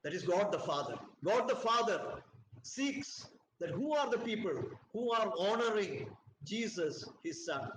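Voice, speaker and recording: A man's voice: high voice, animated, measured pace, a bit bright. A man from India leading a Bible study, reading scripture aloud and explaining it in an earnest, emphatic preaching manner. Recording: roomy echo, faint background noise.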